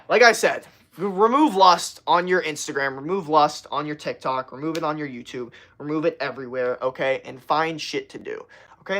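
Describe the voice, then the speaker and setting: Young male streamer, gravelly, loose and profane, talks in quick restarts. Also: a little high, fairly bright tone. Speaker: livestream host. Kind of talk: casual livestream chat.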